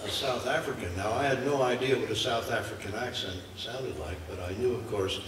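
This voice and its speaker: A man's voice: mid-range voice, noisy background. Older man telling stories, echoey hall. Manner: measured anecdotal storytelling. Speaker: voice actor panelist. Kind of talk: convention panel storytelling. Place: large convention hall. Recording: echoey hall recording from far off.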